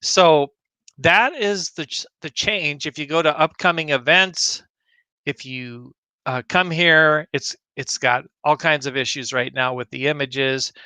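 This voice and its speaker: Bright, upbeat man hosting a livestream. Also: mid-range voice, clear, resonant tone, no room sound. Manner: rambling, greets chat viewers by name. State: choked up, clearing throat. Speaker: livestream host. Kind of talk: casual livestream talk.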